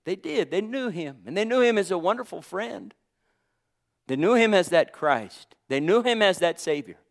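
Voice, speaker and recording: Man, preacher, higher-pitched voice, fervent sermon, rhythmic repetition, loud-to-hushed swings. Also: lively intonation, normal speed, gravelly. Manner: fervent, peppered with "praise God" and "hallelujah"; swings from loud declarations to hushed, near-whispered lines.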